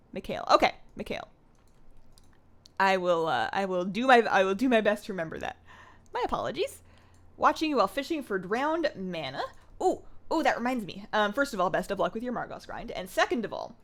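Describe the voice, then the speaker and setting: A young adult woman from Canada, chatting casually while streaming a game and reading viewer comments aloud. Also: medium pitch. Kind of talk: casual livestream chat while gaming.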